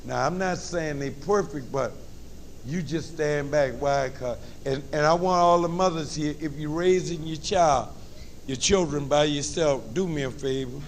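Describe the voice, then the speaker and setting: High-voiced New Orleans motivational speaker. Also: male voice, moderate pace, a little hiss or hum. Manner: lively, call-and-response, preacherly humor. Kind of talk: motivational talk to students. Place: high school assembly.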